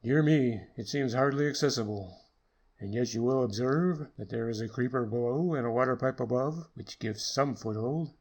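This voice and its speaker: A man voicing a calm, shrewd detective in an audiobook, measured, courteous and quietly wry. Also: mid-range voice, lightly acted. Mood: dryly amused. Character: calm, shrewd male detective, dryly amused. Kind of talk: audiobook character reading.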